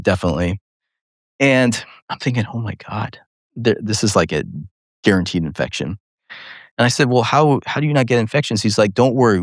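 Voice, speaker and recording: A male neurosurgeon and podcast host telling a personal story in an interview, animated and laughing often, with many fillers. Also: low-pitched, no echo, studio quality.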